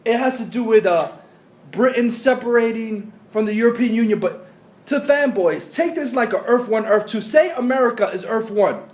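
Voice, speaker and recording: A man's voice: extremely high pitch, moderate pace, echoey room. A man vlogging a profane, agitated political rant with blunt, repetitive phrasing. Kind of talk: ranting commentary.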